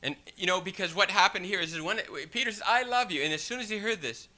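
A man preaching a sermon in an animated, rhetorical way, often asking the congregation "right?" and reading scripture in old-fashioned wording. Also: high voice, fast talker. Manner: reads scripture in King James wording.

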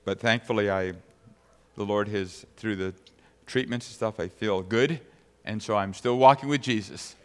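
A man's voice: lowish voice, normal speed, clear, resonant tone, big-room sound. A man preaching a sermon as pastor, reading scripture aloud and then speaking conversationally to the congregation.

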